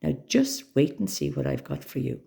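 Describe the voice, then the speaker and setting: A woman voicing a spiteful young boy prince who taunts and shouts insults. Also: low-pitched, animated, normal speed, creaky, exaggerated voice. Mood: taunting.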